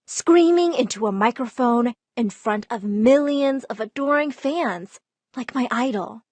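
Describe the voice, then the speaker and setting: Expressive woman storyteller, bright high voice, dry close sound. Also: no room sound. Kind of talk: scripted storytime narration.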